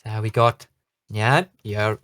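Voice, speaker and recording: A man's voice: medium pitch, normal speed, fairly bright tone, smooth, dry recording, studio quality, lightly acted. A man voicing a flustered, chatty male halfling pirate captain with a thick brogue, rambling with ums and compliments. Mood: jovial.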